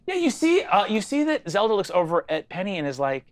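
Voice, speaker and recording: A woman's voice: mid-range voice, big pitch swings, brisk, hardly any pauses, no room sound. A woman narrating as the game master of a tabletop game, chatty and full of "like". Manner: chatty, frequent "like".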